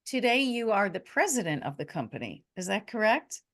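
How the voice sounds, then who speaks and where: A woman's voice: medium pitch, very animated, fairly quick, fairly bright tone. Supportive woman interviewer. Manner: affirming, laughs along. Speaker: interviewer, host. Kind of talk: interview chat.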